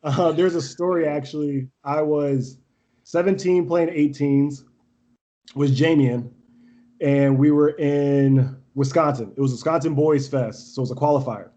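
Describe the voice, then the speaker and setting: A young man swaps stories in a loose podcast chat, voice sitting on the higher side for a man. He talks with brash confidence and keeps breaking into laughter. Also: measured pace, dull audio. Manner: brash, animated, laughs often. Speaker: podcast guest, volleyball coach. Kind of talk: casual storytelling interview.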